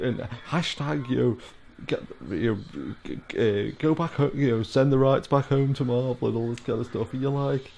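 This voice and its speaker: A man's voice: mid-range voice, normal speed, creaky, a little mellow, a little hiss or hum. A middle-aged British man giving a casual solo film commentary, rambling with lots of fillers and asides. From United Kingdom.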